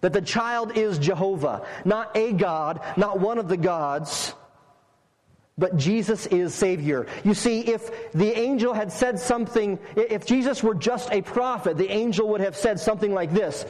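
Male pastor, high voice, emphatic step-by-step sermon, long hall reverb. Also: measured pace, darkish tone.

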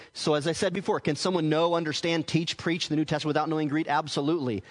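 A man with a higher-pitched voice delivers a teaching sermon as a pastor. He explains earnestly, often breaking off and restarting words. His voice carries a long reverb, as if recorded in a church hall.

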